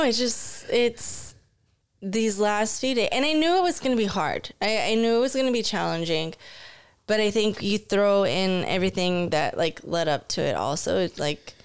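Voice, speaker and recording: A woman in a casual podcast chat, grieving and near tears, talking slowly and haltingly with long pauses. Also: medium pitch, clean tone. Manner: slow, halting, pausing often. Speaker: podcast host.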